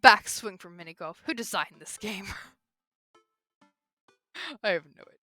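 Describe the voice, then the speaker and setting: A woman's voice: medium pitch, big pitch swings, slow, sharp tone, soft background music. A young woman casually commentating a game stream, chatty and giggly, reading dialogue aloud. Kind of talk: casual let's-play commentary.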